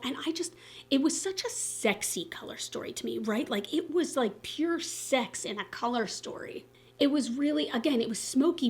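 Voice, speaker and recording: A woman beauty vlogger chatting casually to camera, expressive and candid, with lots of fillers and self-corrections. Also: on the high side. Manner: enthusiastic and candid, swearing casually. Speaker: beauty YouTuber. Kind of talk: casual vlog chat to camera.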